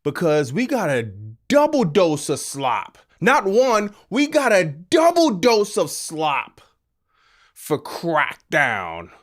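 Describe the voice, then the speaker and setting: A man ranting on a live stream about wrestling, exasperated and sarcastic, sometimes bursting into shouts. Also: sits high, wildly swooping pitch, slow pace.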